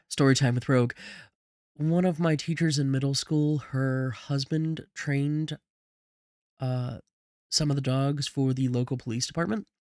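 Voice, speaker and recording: A chatty man giving casual gameplay commentary, joking and wandering into side stories, with a sore throat and a stuffy nose. His voice sits at a middle pitch, and the recording is dry and close to the mic. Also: no echo. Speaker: let's play host.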